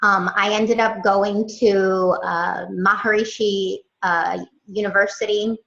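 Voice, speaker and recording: A woman's voice: medium pitch, fairly even intonation, slow, vocal fry, a bit bright, roomy sound, highs cut off. An American woman introducing herself on a video call, hesitant, with many fillers. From United States. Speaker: course participant.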